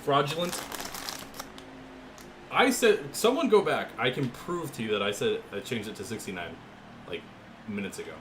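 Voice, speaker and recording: A young man chatting with his viewers from his home room, with lively, swinging pitch and a joking manner. A steady background noise runs under his desk-mic recording. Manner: chatty, joking with chat, quick asides. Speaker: gaming streamer. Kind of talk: live stream chat and play-by-play. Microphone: desk mic with webcam.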